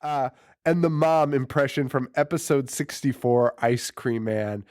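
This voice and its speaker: A man's voice: mid-range voice, unhurried, darkish tone. A young man co-hosting a casual podcast, swearing freely, laughing often and slipping into goofy impressions. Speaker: podcast co-host.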